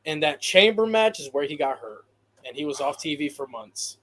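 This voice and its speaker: A man's voice: on the high side, very animated, moderate pace, fairly bright tone, slight background noise. A man co-hosting a wrestling podcast in casual chat, emphatic and theatrical, swearing freely. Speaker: podcast co-host.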